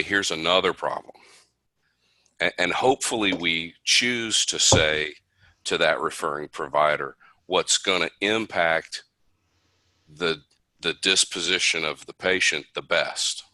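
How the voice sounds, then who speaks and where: In poor, echo-free audio, a man with a low, sharp-toned voice and a Southern US accent teaches an online session. He explains things at length in a conversational way, restarting as he goes.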